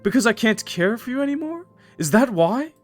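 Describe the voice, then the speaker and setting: A man voicing a bewildered zombie husband in a horror visual novel, soft and pleading. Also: very high-pitched, big pitch swings, fairly quick, faint music behind, voice pushed up, heavily acted.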